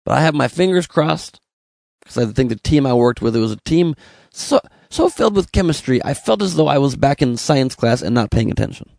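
A man's voice: medium pitch, animated, a little fast, gravelly, a little mellow, no echo, studio quality. A young man from Los Angeles hosting a comedy podcast, riffing sarcastically and slipping into mock voices. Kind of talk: comic monologue.

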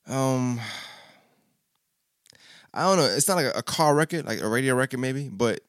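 A man's voice: medium pitch, expressive, normal speed, fairly bright tone, smooth, no room sound, clean studio sound. A man hosting a podcast, chatting casually as he reviews an album, stuttering often and repeating himself in loose slang. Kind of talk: casual music review chat.

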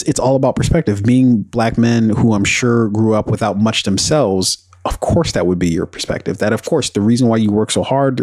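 A man's voice: lowish voice, dry recording. Profane, rambling male podcast host. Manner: profane, rambling, animated with frequent fillers. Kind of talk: casual solo commentary.

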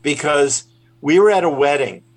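Rambling rabbi chatting on a call. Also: male voice, fairly high pitch, normal speed. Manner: rambling, self-deprecating. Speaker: rabbi and puppeteer guest. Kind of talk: casual interview chat. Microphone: remote call.

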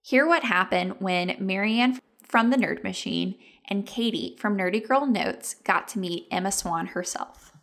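A woman host with a middle-pitched voice narrates a fan video. She speaks briskly and with enthusiasm. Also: a bit bright. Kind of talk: casual narration.

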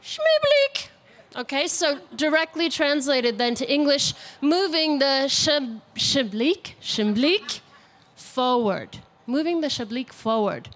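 A woman's voice: sits high, a little slow, a bit bright. A woman hosting a word game at an outdoor live radio broadcast, playful and upbeat. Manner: playful and upbeat, laughs often.

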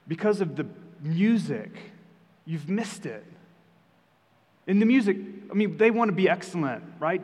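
A young adult man preaching a sermon as pastor, conversational with emphatic rises. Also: on the high side. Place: church sanctuary. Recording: long hall reverb.

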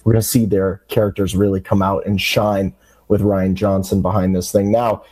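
Eager man hosting, mellow husky voice. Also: low-pitched, little pitch movement, normal speed. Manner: enthusiastic, chatty. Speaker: host. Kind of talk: casual interview.

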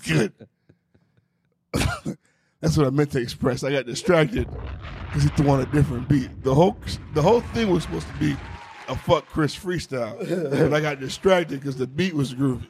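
A man's voice: fairly high pitch, creaky, darkish tone, breathy edge. A man co-hosting a casual podcast, joking and cursing as he talks, sometimes rapping a freestyle. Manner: profane, joking, rapid asides. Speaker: podcast co-host.

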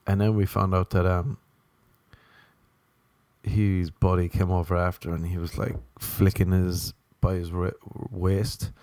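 An Irish man rambling through funny stories in a casual, animated way, swearing freely. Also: low-pitched, unhurried, no room sound. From Ireland. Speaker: comedian. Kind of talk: casual comic storytelling.

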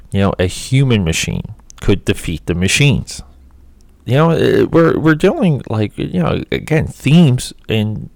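A man's voice: deep voice, creaky, dry recording. A man giving casual, rambling, opinionated movie commentary, full of "you know" and "like". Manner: rambling, filler-heavy, opinionated. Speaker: film commentator.

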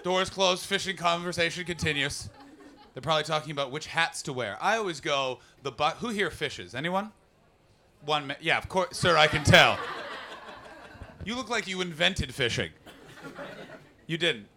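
A man works a comedy room with a high, ringing voice, chatting with the crowd between bits. He riffs loosely and jumps into loud, mocking impressions of the people in his stories. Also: lively intonation, normal speed, gravelly, long pauses. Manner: riffing, swinging into loud mocking voices for characters. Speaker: stand-up comedian. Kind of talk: improvised stand-up set with crowd work. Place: comedy club stage before a live audience.

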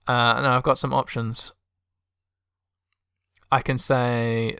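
A man's voice: mid-range voice, little pitch movement, slow, gravelly, pauses often, pushed and bright, clean tone, no room sound, studio quality. A man reading out a text adventure and chatting wryly about his choices as he plays. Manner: wry, chatty, swears casually. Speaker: game streamer. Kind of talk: reading and playing a text game aloud.

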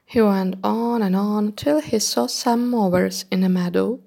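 Brief: woman narrator, children's story, unhurried and gravelly, measured delivery. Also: medium pitch, warm tone.

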